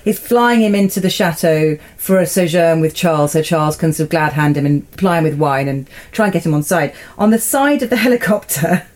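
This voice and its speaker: A woman with a somewhat low voice chats through a TV episode as a podcast co-host. She sounds amused and laughs often. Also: brisk, hardly any pauses, a little mellow. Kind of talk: casual chat recapping a TV episode.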